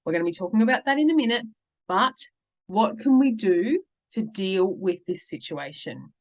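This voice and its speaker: A middle-aged woman talks parents through advice in a medium-pitched voice. Her tone is earnest and reassuring, and she keeps checking in with little "okay"s. She sounds like a coach speaking straight to her viewers. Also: lively intonation, normal speed, a little mellow, lo-fi sound. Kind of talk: talking to camera, advice video.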